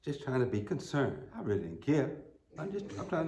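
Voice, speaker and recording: A man's voice: mid-range voice, very animated, brisk, dark tone, a little hiss or hum. A middle-aged American man preaching a sermon as pastor, telling folksy, humorous stories with emphatic peaks. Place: church sanctuary. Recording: roomy church sound.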